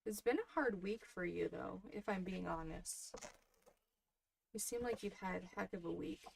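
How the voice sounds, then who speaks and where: A woman in her thirties hosting a crafting livestream, chatting softly and casually with her viewers while she works. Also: lowish voice, normal speed, vocal fry, a little hiss or hum. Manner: soft-spoken, chatty, talks to viewers in the chat.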